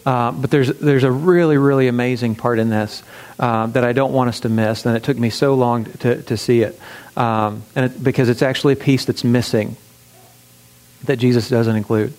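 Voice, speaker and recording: A man preaches at an ordinary middle pitch, telling the story casually with "um"s and restarts. He hammers his key points home through repetition. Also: fairly even intonation, normal speed, darkish tone, poor audio. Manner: conversational storytelling with emphatic repetition; frequent fillers and restarts. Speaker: pastor. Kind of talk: sermon.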